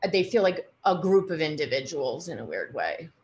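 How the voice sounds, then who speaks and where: Female artist, forties, slightly low voice, hesitant and halting, casual talk. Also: expressive, a little mellow. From United States. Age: 40s. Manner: hesitant, halting, many restarts. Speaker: artist guest. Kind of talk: casual conversation.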